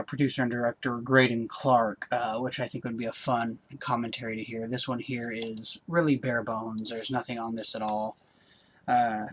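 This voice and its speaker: A man casually reviewing a movie on home video, upbeat and rambling, with lots of ums and uhs. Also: medium pitch. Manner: relaxed, upbeat.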